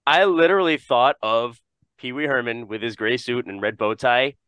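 A man hosting a casual podcast chat, animated and laughing often, with casual swearing. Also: medium pitch, moderate pace, clean tone, no echo.

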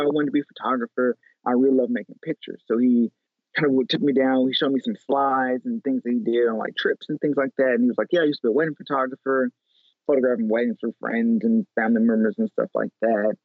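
A man from Chicago in his thirties, a photographer telling animated stories with lots of fillers in a casual interview. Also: mid-range voice, no echo. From Chicago, USA. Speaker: photographer guest. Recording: tinny phone-like line, dry.

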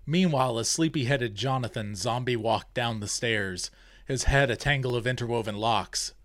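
A man's voice: medium pitch, moderate pace, a bit bright, dry recording. Chatty guy, laughs a lot, reads his own rhyming story, dry sound. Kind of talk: rhymed story reading and casual chat.

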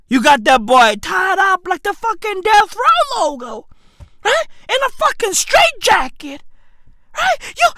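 A woman delivering a loud, mocking comedic rant about football. She often shouts and laughs. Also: high voice, no echo.

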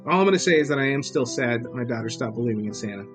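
A man's voice: mid-range voice, animated, very fast, music in the background. A man in his thirties hosting a casual podcast, rambling with crude, self-mocking humor. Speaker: podcast host. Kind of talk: casual drunken podcast chat.

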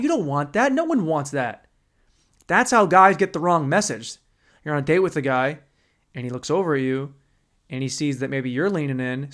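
A young man hosting a podcast, ranting in a crude, sarcastic, rambling comedic style. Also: a little high. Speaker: podcast host. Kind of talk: comedic rant.

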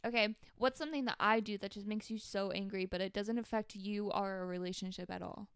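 A woman's voice: medium pitch, fairly quick, clean tone, no room sound, clean studio sound. A young woman co-hosting a podcast in casual chat, often laughing as she talks. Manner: laughing, animated. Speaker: podcast co-host.

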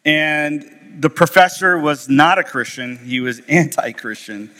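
A man's voice: fairly high pitch, a little slow, bright, forceful tone, long reverb tail. A middle-aged man preaching a sermon as pastor, telling a story conversationally and reading scripture aloud. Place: church.

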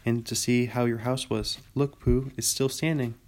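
A small, timid piglet, as a man reads him out, squeaking his words anxiously and eager to agree. A nervous little storybook creature. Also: fairly even intonation, moderate pace, a little mellow, natural voice.

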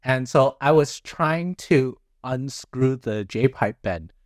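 A man's voice: medium pitch, lively intonation, slow, dry recording, clean studio sound. A man co-hosting a casual podcast chat, rambling with many fillers and frequent chuckles. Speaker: podcast co-host.

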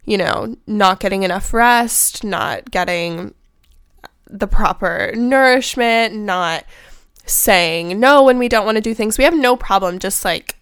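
A young woman hosting a self-development podcast, talking in a soft, meandering, casual way with a slightly stuffy voice from a recent illness. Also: mid-range voice, measured pace, clean tone, no echo, clean studio sound. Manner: soft-spoken, meandering, with fillers. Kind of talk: casual reflective podcast talk.

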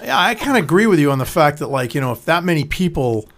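A man's voice: on the high side, sing-song, quick pace, a bit bright. A man chatting casually and telling a crude, profanity-filled story. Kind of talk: casual chat.

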